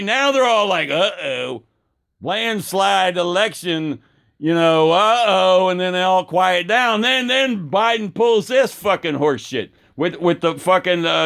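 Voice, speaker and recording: A man's voice: high voice, gravelly, bright, forceful tone. A man delivering an angry, profane political rant with many stumbling restarts. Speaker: political commentator.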